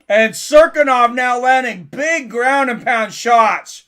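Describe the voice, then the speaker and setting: A man doing casual live commentary on a fight for his stream chat, getting louder and more excited at big moments. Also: very high-pitched, takes it slowly, hardly any pauses, clean tone.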